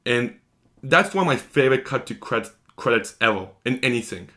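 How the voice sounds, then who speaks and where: A man's voice: medium pitch, expressive, normal speed, sharp tone. A man giving an enthusiastic, gushing episode recap as a video reviewer, talking in long run-on strings.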